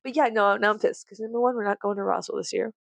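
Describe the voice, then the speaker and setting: A woman's voice: mid-range voice, fast talker, creaky, dry recording. A woman vlogging in casual chat to camera, anxious and rambling, swearing and laughing often.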